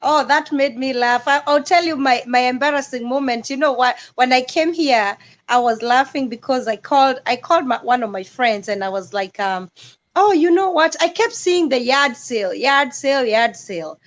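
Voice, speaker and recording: A woman hosting a casual chat, telling a story in a halting, hesitant way with many restarts. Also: high voice, expressive. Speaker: host.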